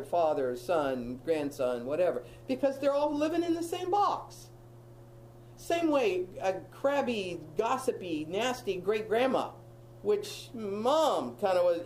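A woman's voice: medium pitch, darkish tone, slight background noise, rough recording. A woman in her fifties teaching a Bible study group, emphatic and repetitive, with humorous asides.

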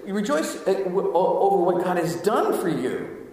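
Animated preacher in an echoey church hall. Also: male voice, high-pitched, moderate pace. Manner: animated, swings from hushed asides to loud exclamations. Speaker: pastor. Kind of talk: sermon. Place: church sanctuary. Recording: echoey hall, mic at a distance.

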